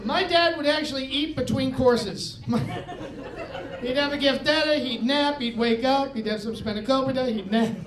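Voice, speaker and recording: A man from the United States performing a stand-up comedy set, with an animated, punchy delivery and shouted impressions of his father. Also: very high-pitched, unhurried. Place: comedy club stage with live audience. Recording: echoey club with crowd laughter.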